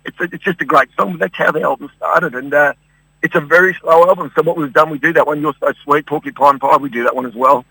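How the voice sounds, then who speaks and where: An Australian man talking fast in a bright, husky voice. He rambles and restarts his sentences as a radio guest. The sound is dry and close. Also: fairly high pitch, fairly even intonation, no echo, low-quality recording. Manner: rambling, restarts often, chuckles. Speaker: guest singer. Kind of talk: phone-in radio interview.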